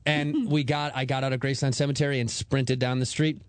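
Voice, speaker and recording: A Chicago man in his thirties, appearing as a comedian guest on a talk show, rattles off a story quickly and excitably while acting out the quotes. His voice is mid-range, with slight background noise.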